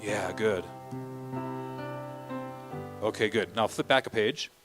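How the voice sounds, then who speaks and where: A man's voice: fairly low pitch, slow, over music, rough recording. A man directing a choir rehearsal, counting beats and singing bits of phrases as he coaches the singers. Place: church rehearsal room.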